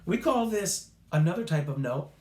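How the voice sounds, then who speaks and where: A man's voice: fairly high pitch, animated, normal speed, a little mellow, reverberant. A male music teacher leading children through a playful call-and-response rhythm lesson, chanting rhythm syllables.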